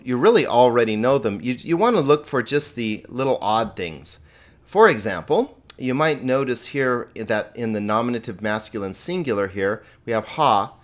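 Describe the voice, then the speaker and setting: A man teaching a grammar lesson, patient and explanatory, often repeating words as he restarts his sentences. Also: mid-range voice. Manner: holds a cat while teaching. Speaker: Greek teacher.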